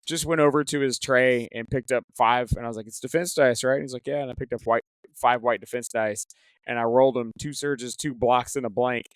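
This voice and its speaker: A man's voice: medium pitch, fairly even intonation, brisk, clean tone, no echo. A man telling tournament stories in casual podcast chat, rambling with many fillers and restarts. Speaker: tournament organizer, guest. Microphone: headset.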